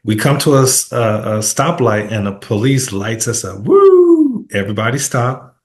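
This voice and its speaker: A man hosting a casual interview podcast, telling a story in an animated way and acting out the quotes. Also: lowish voice, moderate pace. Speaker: podcast host. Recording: echoey room.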